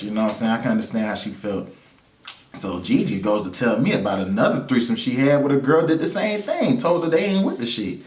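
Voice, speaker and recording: A man hosting his own vlog, telling a personal story in a loose, animated way with frequent laughs and repeated phrases. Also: mid-range voice, a little fast. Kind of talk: casual storytelling monologue. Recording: roomy sound from a distance to the mic.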